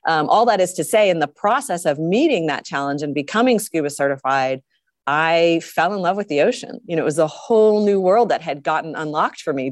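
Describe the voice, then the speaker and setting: A middle-aged woman, a guest astronaut, telling her story in an interview in a lively way, often laughing. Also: fairly low pitch, no echo, studio quality. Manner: animated, laughs often, acts out quotes.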